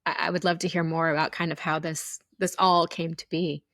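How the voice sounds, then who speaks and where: Woman host, lowish voice, interview question, dry sound. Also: little pitch movement, fairly quick, a bit bright, no room sound. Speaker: podcast host.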